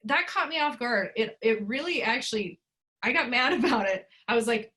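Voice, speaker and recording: Frustrated, emphatic woman, bright voice. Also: a little high, animated, moderate pace. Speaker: interviewee. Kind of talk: emotional personal interview.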